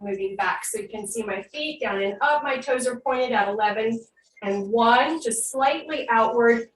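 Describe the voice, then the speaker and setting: A woman instructor guiding an online fitness class with calm cues, then leading slow breath work and affirmations. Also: a little high, distant mic. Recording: echoey room, voice from off-mic, faint hum.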